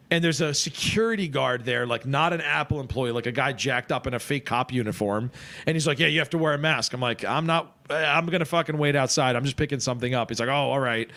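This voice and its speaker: A man with a slightly high voice tells a story on a casual stream. He swears freely and acts out both sides of the dialogue. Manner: animated anecdote telling, swearing, acting out both sides of a dialogue.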